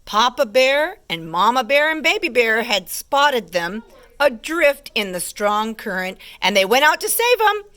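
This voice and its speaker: A woman teacher reading a storybook aloud to children in an expressive way. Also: a little high, measured pace. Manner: expressive, hushed asides about pictures.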